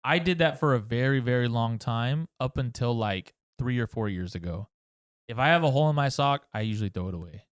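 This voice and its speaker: A man's voice: medium pitch, expressive, a little fast, clean tone. A man co-hosting a podcast, chatting casually, rambling and joking with frequent restarts. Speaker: podcast co-host. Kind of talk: casual chat.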